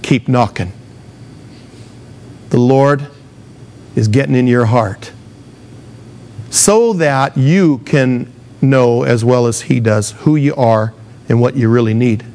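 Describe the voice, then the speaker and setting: A pastor delivers a sermon in a mid-range voice, using emphatic rises and lively acted-out quotes. He addresses his listeners directly, driving his points home. He takes it slowly, leaving long pauses.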